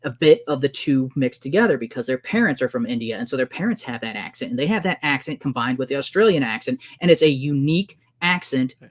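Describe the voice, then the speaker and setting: A man arguing heatedly in a casual debate, excitable and exasperated, often talking over the other man. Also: mid-range voice, quick pace, hardly any pauses.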